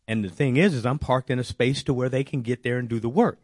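Man, mid pitch, personal testimony, animated storytelling, voices his own quotes, dry sound. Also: quick pace, no room sound. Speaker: testimony speaker.

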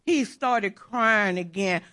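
A woman's voice: mid-range voice, slow pace, sharp tone. A middle-aged woman telling a personal faith testimony in an earnest, repetitive storytelling way. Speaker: churchgoer giving testimony.

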